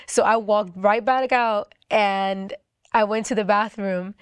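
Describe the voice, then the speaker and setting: Young woman, personal testimony, chatty and quick, lots of fillers, dry close sound. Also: medium pitch, steady tone, smooth, no room sound. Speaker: guest sharing a testimony.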